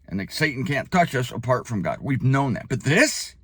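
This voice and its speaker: A man giving spoken Bible teaching in an emphatic way, slowing down hard on key phrases and leaping up for emphasis. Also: husky, no echo. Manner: animated, leaps up in pitch for emphasis.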